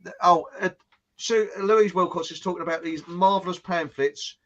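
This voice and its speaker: A man's voice: sits high, moderate pace, fairly bright tone, dull audio. A man from England hosting a casual online chat, joking and reading out viewers' names. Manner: chatty, jokey, reads out viewer names. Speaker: host.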